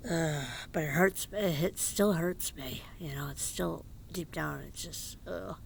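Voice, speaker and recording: A man vlogging outdoors in a casual, rambling way, halting and hesitant, rueful and confiding, sometimes dropping to a hushed near-whisper. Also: a little high, gravelly, slight background noise. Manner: halting and hesitant, with repeated fillers and restarts. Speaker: vlogger and musician.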